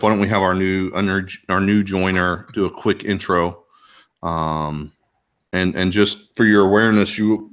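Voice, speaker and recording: Game master, man, very low voice, halting narration full of fillers. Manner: halting, many fillers and throat clearing. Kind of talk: narrating a tabletop game livestream.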